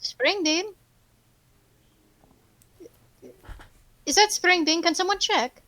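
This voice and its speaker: A woman voicing a puzzled, wary masked man in a tabletop game, speaking in halting questions. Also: very high voice, pushed and bright, pitched above the performer's own voice. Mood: uneasy.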